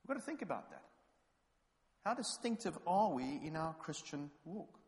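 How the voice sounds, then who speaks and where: A man from England preaches a sermon, moving between anecdote and passionate appeal. His voice sits a little high for a man and swells to loud, fervent calls. The sound carries a long reverb from a church hall. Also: sing-song, normal speed. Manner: storytelling, rising to loud fervent exhortation.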